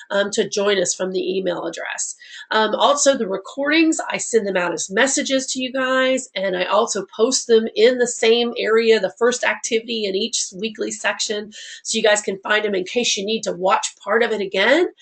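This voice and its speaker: A woman in her forties with a Southern US accent, from Alabama, giving a live online class with a stuffy nose from a cold, friendly and rambling, with many fillers. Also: a little high. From Alabama, USA. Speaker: online instructor.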